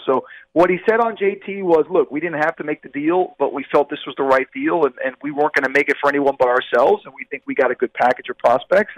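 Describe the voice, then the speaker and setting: Man, sports reporter on radio, fairly high voice, emphatic and conversational, dry close mic. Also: dry recording, lo-fi sound. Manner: emphatic, conversational, addresses the hosts as guys.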